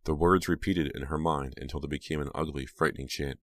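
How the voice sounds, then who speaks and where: A man narrating an audiobook in a steady, suspenseful reading. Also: a bass voice, a little fast, no echo. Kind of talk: scripted narration.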